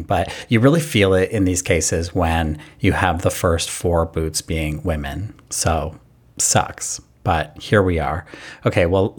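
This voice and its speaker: A man hosting a casual chat podcast, speaking in a measured, explanatory way. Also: low voice. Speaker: podcast host.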